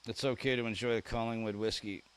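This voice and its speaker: A man's voice: on the low side, fairly even intonation, fast, smooth. Chatty man streaming live. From Canada. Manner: chatty, friendly, joking with chat. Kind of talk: casual live-stream chat, reading viewer comments aloud.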